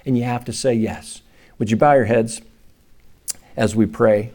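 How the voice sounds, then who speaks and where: A middle-aged man preaching a sermon, acting out quoted voices in a raised pitch and dropping low for solemn lines. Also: normal speed, pauses often. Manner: animated, acts out quotes in a raised voice. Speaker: pastor.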